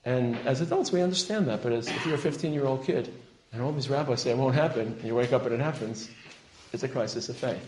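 A man delivers a sermon-style lecture with fervent conviction, his voice at an ordinary middle pitch. He builds to loud, emphatic peaks, weaving in Hebrew terms as he goes. The sound carries the roomy echo of a lecture hall. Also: fast talker, a little hiss or hum. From Israel. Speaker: rabbi giving a lecture.

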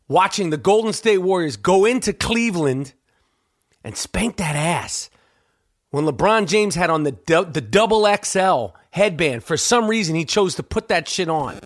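A man hosting his own podcast, ranting in a brash, animated way, cursing and stumbling over repeated words. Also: sits high, normal speed, no room sound, clean studio sound. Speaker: podcast host. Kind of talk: profane rant.

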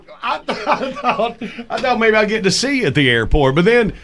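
A man's voice: sits high, big pitch swings, brisk, crowd noise. A man co-hosting a morning radio show who banters playfully and defends himself with a laugh.

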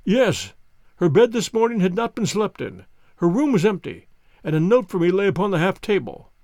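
A man's voice: high voice, sing-song, moderate pace, darkish tone, no room sound, clean studio sound. A man voicing a frantic older banker. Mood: grieving. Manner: agitated, exclamatory pleading. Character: distraught older male banker, excitable, anguished. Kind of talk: audiobook character reading.

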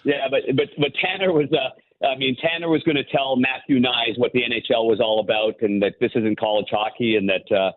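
In a mid-range, steady voice and at a brisk pace, a man who was once a goalie and now works as a hockey analyst tells rambling, frequently restarted anecdotes. It's a casual phone-in interview, recorded on a phone with a tinny line.

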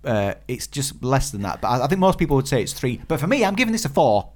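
A man's voice: mid-range voice, fast. A man co-hosts a casual film review podcast. His voice rises and falls a lot, and he breaks into raised, playful impressions of what characters say. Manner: animated, acts out quotes in a raised voice. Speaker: podcast co-host.

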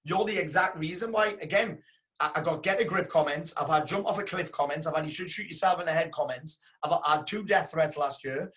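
Guy business coach on a podcast, kinda higher voice, swears a lot, calls people dude. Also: a little fast, fairly bright tone. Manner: emphatic, frequent swearing, says "dude". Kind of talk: casual podcast chat.

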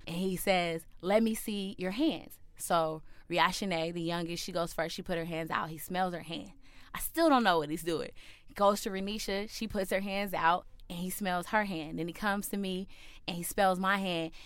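A young woman telling a personal childhood story, animated and acting out the voices of family members in loud, high quotes. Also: normal speed, clear, resonant tone, no echo. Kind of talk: personal story told to a listener.

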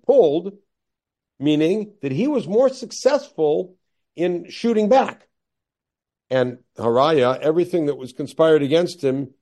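A man who teaches as a rabbi, lecturing on a Bible text. He explains step by step, asks himself questions and answers them, and reads the old verses slowly before he explains them. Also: a little high, warm tone.

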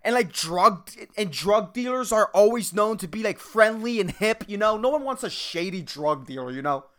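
A man's voice: sits high, animated, moderate pace, fairly bright tone. Rambling, profane man in his thirties. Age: 30s. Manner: rambling, profane, says "dude" and "man" constantly; jumps between topics, self-mocking. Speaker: podcast host. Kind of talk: solo casual rant.

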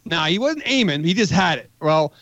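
Dull-sounding veteran telling war stories. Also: male voice, a little high, fairly quick, dry recording. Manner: profane, animated storyteller. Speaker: podcast guest, magazine editor. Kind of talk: casual war storytelling.

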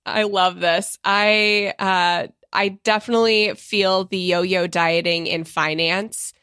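A woman's voice: on the low side, fairly even intonation, takes it slowly, pushed and bright, smooth, no echo. Earnest woman podcast co-host, dry. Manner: earnest, many fillers like "uh" and "like". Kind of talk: casual podcast chat.

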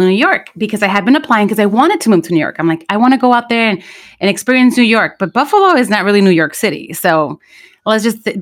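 Lively bilingual woman telling stories. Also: medium pitch. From United States. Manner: animated storyteller, imitates voices in quotes. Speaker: podcast co-host. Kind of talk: casual chat mixing English and Spanish.

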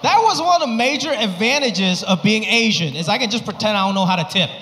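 A man performing a stand-up comedy set, telling stories and acting out his bits with animated delivery. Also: high voice, quick pace. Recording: live stage recording in a reverberant hall.

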